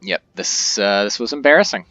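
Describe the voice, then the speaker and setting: A man's voice: lowish voice, animated, normal speed, bright, forceful tone, no room sound, muffled recording. A man casually commentating his own strategy game playthrough, chatty and joking with viewers. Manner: chatty, jokey, reacts aloud to the game. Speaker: let's-play host.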